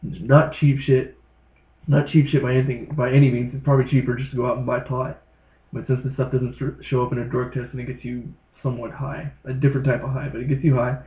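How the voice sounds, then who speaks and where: A man's voice: medium pitch, quick pace. A man co-hosting a podcast, telling stories casually with lots of swearing. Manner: profane, animated storyteller. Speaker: podcast co-host. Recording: echoey, phone-like lo-fi sound.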